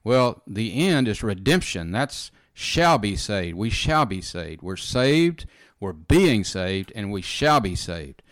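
A man's voice: fairly low pitch, big pitch swings, slow pace, hardly any pauses, no room sound, studio quality. A man giving informal, earnest Bible teaching in conversation, repeating phrases and often saying "you know" and "amen".

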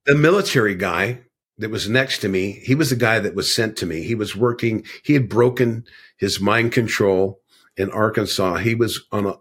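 A man's voice: fairly low pitch, normal speed, a bit bright, husky. An older man telling a long personal story as a podcast guest, earnest and rambling, with many fillers. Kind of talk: conversational storytelling.

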